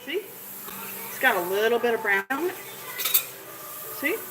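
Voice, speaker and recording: A woman's voice: a little high, sing-song, a little slow. A woman chatting casually to viewers as she cooks, rambling through her steps in a home kitchen. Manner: chatty, rambling, talks to viewers while cooking. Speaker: home cook showing a recipe. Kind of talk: casual cooking tutorial. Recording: echoey kitchen, off-mic, loud cooking noise.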